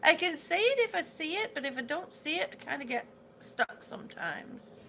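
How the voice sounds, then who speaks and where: High, gravelly woman chatting to viewers live. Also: expressive, moderate pace, pushed and bright, slight background noise. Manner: chatty, repeats herself, loses words and laughs it off. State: ringing in the ears, yawning, hungry. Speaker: livestream host reading viewer comments. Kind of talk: casual live chat with viewers.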